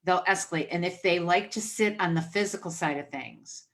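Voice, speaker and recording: A woman's voice: on the low side, moderate pace, a bit bright. A woman hosting a podcast, telling stories in a casual chat and acting out the dialogue she quotes. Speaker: podcast host.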